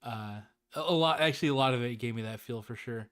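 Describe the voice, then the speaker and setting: A man's voice: mid-range voice, quick pace, fairly bright tone. A man hosting a casual livestream movie review, rambling, laughing and swearing as he reads chat comments. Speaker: host.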